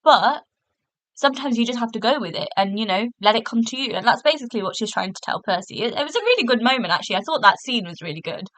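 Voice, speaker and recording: A woman's voice: fairly high pitch, lively intonation, fast, fairly bright tone, dry recording, low-quality recording. A woman hosting a podcast, chatting casually through a review with lots of fillers and restarts, recorded in a hotel room. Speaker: podcast host.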